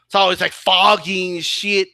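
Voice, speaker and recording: A man's voice: sits high, level tone, moderate pace, sharp tone, dry recording, studio quality. A man hosting a boxing channel, ranting sarcastically and swearing in a loose livestream chat, often ending his points with "right?". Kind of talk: profane livestream rant.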